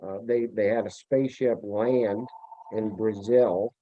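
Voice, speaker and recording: Low male guest from Vermont, rambling interview chat, tinny call audio. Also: steady tone, unhurried, mellow, a little hiss or hum. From Vermont, USA. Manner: rambling, searching for words, many restarts. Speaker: returning guest, TV producer. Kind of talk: casual interview talk. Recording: tinny phone-like remote line, dry.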